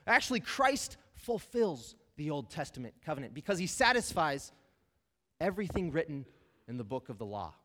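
This preacher speaks emphatically and conversationally in his sermon, calling the listeners "you guys" as he addresses them directly. His voice is a little high and a bit bright, very animated at a moderate pace, with long hall reverb.

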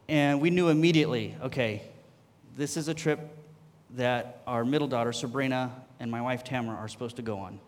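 A man's voice: mid-range voice, normal speed, long reverb tail. A man sharing a personal testimony in a church, telling his story and acting out the conversations in it.

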